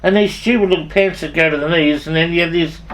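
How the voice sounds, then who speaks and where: An older man with an Australian accent and a fairly high voice tells rambling stories from his life. He swears freely, restarts his sentences mid-thought and chuckles at his own anecdotes. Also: fast talker. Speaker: storyteller.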